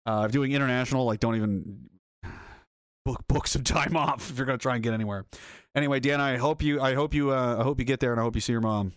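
A man's voice: medium pitch, fairly even intonation, fast talker, no echo, studio quality. A man livestreaming and reading his chat, telling rambling stories in a blunt, crude, profane rant. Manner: rambling storyteller.

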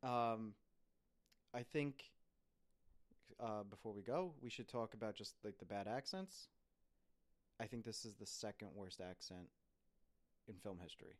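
A man co-hosting a casual film review podcast, talking bluntly with swearing and animated rants. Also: fairly low pitch, a little slow, long pauses. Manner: blunt, profane, animated ranting. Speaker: podcast co-host.

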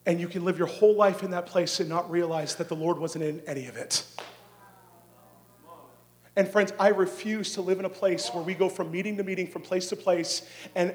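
A middle-aged man preaches a charismatic sermon in a high voice. He drops to a hush on some words and rises to shouting on others, stretching phrases out slowly. He keeps asking the crowd questions. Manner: dynamic, swings from hushed to shouting.

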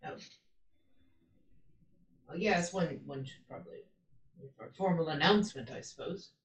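A woman's voice: low voice, normal speed, distant mic. A woman playing in a tabletop game, speaking in character in a hesitant, stumbling way. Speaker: player. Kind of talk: in-character tabletop role-play. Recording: roomy echo.

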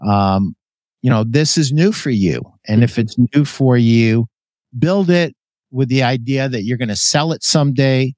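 A man hosting a podcast, telling stories from his career in a blunt, animated way, swearing freely and acting out what others said. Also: mid-range voice, dry recording. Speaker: podcast host. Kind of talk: casual storytelling chat.

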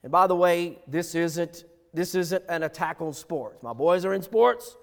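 A man's voice: on the high side, unhurried, vocal fry. A middle-aged male pastor preaching a sermon with emphatic, repetitive phrasing. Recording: long hall reverb.

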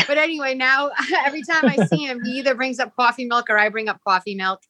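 A woman's voice: sits high, fast, hardly any pauses, pushed and bright, dry recording. A woman with a Rhode Island accent, chatting casually as a podcast guest with lots of "like" and rambling asides. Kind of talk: casual interview chat.

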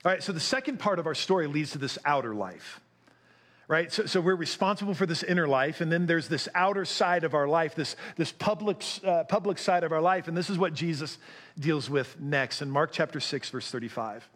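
A man's voice: a little high, a little fast, a bit bright. A man preaching a sermon as pastor, conversational, asking the congregation questions and acting out quotes.

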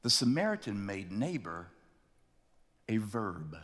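A male pastor preaching a sermon in a church sanctuary, telling stories with dramatic slowdowns for emphasis. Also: fairly low pitch, very animated, a bit bright, big-room sound.

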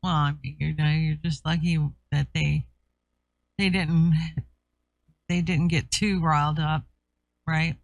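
A man's voice: fairly high pitch, flat delivery, slow, vocal fry, pauses often, no room sound. Easygoing, teasing co-host man. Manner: easygoing, teasing, laughs often. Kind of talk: casual chat.

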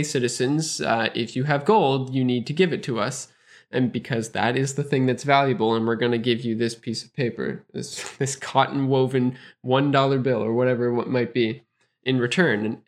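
A Canadian man talks through an idea at an easy, mid-height pitch. He explains things with concrete examples, laughs now and then, and keeps the tone casual, like a co-host on a chat podcast.

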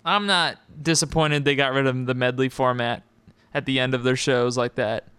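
A relaxed male podcast host chatting and signing off with listeners. His voice is smooth and crisp, recorded close and dry with no room sound. He talks loosely, with plenty of "uh"s and easy laughs. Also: mid-range voice, moderate pace, no room sound. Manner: laid-back, laughs easily, trails off with fillers. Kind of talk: casual podcast chat.

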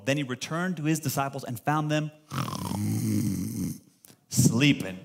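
A man with a high voice preaches to his congregation. He is emphatic and lively, firing rhetorical questions at the room and pressing each point home. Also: a little slow. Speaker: pastor. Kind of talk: sermon. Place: church service before a live congregation.

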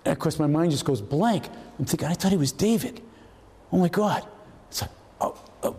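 At a moderate pace and in a voice on the high side, a man in his seventies recounts anecdotes in a roomy historical society hall. A retired FBI agent and guest speaker, he tells his stories vividly, acting out each quoted voice.

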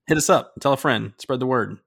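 A man co-hosting a casual podcast, joking around and giving listener shout-outs. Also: mid-range voice, a little fast, gravelly, husky. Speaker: podcast co-host.

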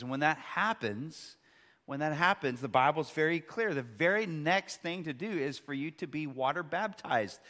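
A pastor in his thirties preaching a sermon, swinging between loud, emphatic peaks and quiet, hushed stretches. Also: medium pitch. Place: large church hall. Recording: long church hall reverb.

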